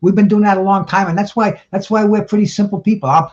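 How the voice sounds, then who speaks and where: A fairly high-voiced man talks plainly and bluntly on a panel. He often trips over his words and restarts. The recording sounds dull and lo-fi. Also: fairly even intonation, quick pace, a little mellow. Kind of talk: casual panel talk.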